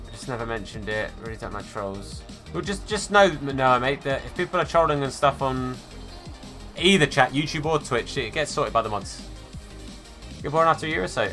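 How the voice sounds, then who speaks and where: A man live-streams a football game, chatting casually and answering viewers by name while calling them mate and fella. His voice is medium-pitched with a fairly bright tone.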